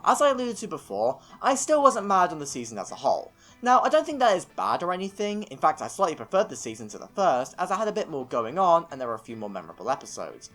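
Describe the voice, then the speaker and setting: A man's voice: a little high, a bit bright. A man from England with an English accent narrating a scripted video review of a cartoon series, opinionated and given to sarcastic little rants. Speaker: film and TV reviewer.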